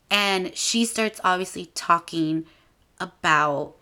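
A woman's voice: fairly low pitch, takes it slowly, bright, forceful tone. A young woman hosting a casual podcast, chatting animatedly as she retells a movie scene by scene. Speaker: podcast host. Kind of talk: casual movie recap chat.

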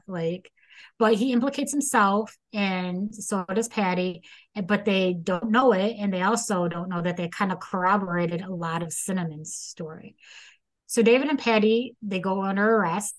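Brief: casual woman host, mid-pitched, lively retelling with put-on voices for quotes. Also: moderate pace, low-quality recording. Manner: acts out quotes with dramatic voices. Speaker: podcast host retelling a case. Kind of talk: casual storytelling chat.

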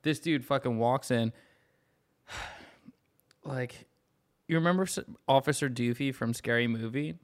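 A young man co-hosting a podcast, telling stories in a lively, profane way and acting out the voices of the people in them. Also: medium pitch, a little slow, long pauses. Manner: animated storyteller, profane, acts out voices in anecdotes. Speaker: podcast co-host. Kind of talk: casual chat.

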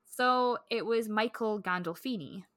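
A woman co-hosting a podcast, chatting casually about books in a rambling, animated way full of fillers. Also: on the high side, measured pace, dry recording. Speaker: podcast co-host. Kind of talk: casual book-club chat.

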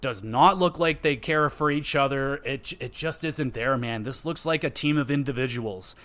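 A man's voice: mid-range voice, moderate pace, fairly bright tone. A man hosting a hockey podcast, ranting casually with frequent swearing, fillers and restarts. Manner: frustrated, profane, rambling with fillers. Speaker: podcast host.

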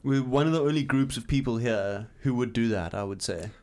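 A man's voice: medium pitch, brisk, a little mellow. A man from South Africa co-hosting a podcast, telling rambling anecdotes in casual chat and swearing freely. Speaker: podcast co-host.

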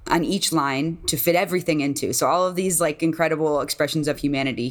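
A woman with a low voice co-hosts a podcast in a relaxed, chatty way. Her talk is full of fillers and loose restarts as she works through her thoughts. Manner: chatty, many filler likes and ums. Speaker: podcast co-host. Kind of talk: casual discussion.

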